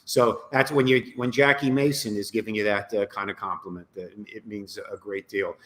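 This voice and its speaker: A man's voice: fairly low pitch, fairly even intonation, normal speed, fairly bright tone. An older man hosting a casual chat over a video call, cutting in and steering the talk. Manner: chatty, interjecting, restarts. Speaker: show host.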